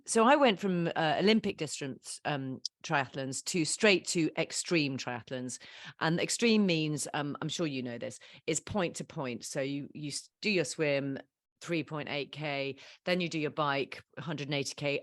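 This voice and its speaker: Woman, 50s, podcast guest; lively storyteller who laughs at herself, lowish voice, dry close sound. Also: dry recording. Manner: animated, laughs often at her own mishaps. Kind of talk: casual storytelling interview.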